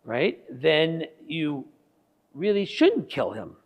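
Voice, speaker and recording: A man, a priest, telling stories to his catechism class in a lively, laughing way, acting out what people said. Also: fairly high pitch, slow pace. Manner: animated, laughing, acting out dialogue. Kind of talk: casual classroom storytelling. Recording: long hall reverb.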